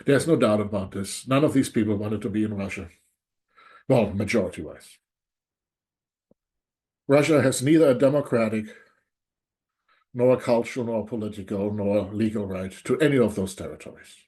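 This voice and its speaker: A political commentator gives a solo opinion monologue, angry, emphatic and openly sarcastic as he drives each point home. His voice is fairly low and warm, at a normal pace with long pauses, and he keeps repeating "there's no doubt" for emphasis.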